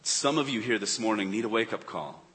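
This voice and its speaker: A man preaching a sermon in a church, earnest, swinging between urgent emphasis and hushed tones. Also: fairly low pitch, fairly quick. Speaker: pastor. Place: church sanctuary. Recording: long reverb of a church hall.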